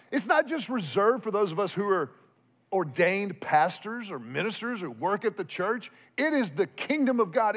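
Middle-aged male pastor, lively humorous sermon storyteller, voice a touch high. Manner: animated, humorous storyteller with swings in loudness.

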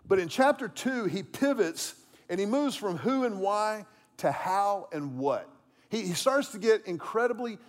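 Male pastor, high and very expressive pitch; animated, conversational sermon delivery. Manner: animated, conversational, self-deprecating humor.

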